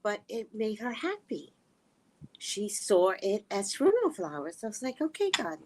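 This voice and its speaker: Animated chatty woman livestreaming. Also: medium pitch, moderate pace, a little hiss or hum. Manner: animated, chatty, drops to hushed asides. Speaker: livestream host reading viewer comments. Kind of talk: casual live chat.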